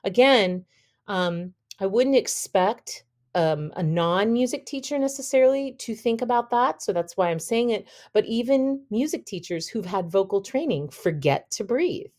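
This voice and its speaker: A woman's voice: mid-range voice, expressive, normal speed, darkish tone. Woman explaining, demonstrating her voice. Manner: demonstrates voices while teaching, says "okay?" often. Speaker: vocal health expert guest. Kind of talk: podcast interview, explaining.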